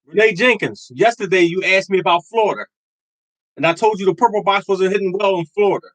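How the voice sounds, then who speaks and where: Older male streamer, high voice, dry close sound, hammers each point twice with preacher-like conviction. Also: quick pace, a bit bright, no room sound, low-quality recording. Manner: emphatic and repetitive, preaching conviction. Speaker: lottery tips host. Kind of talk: live stream talking to chat.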